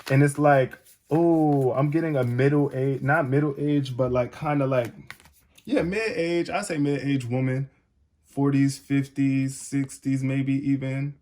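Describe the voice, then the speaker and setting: A man reading tarot cards in a loose, chatty way, talking straight to the viewer. His voice is mellow and warm, and he keeps leaning on "it's like" as he goes. His pitch sits in the middle range. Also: fairly even intonation, measured pace. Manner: casual, repeats "it's like", addresses the viewer directly. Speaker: tarot reader. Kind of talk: casual spoken tarot reading to camera.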